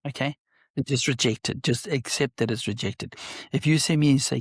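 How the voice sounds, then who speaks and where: A man, a business owner and guest on an interview podcast, telling stories in an animated way and acting out quoted dialogue. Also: mid-range voice, normal speed, breathy edge, no echo, clean studio sound. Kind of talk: conversational interview.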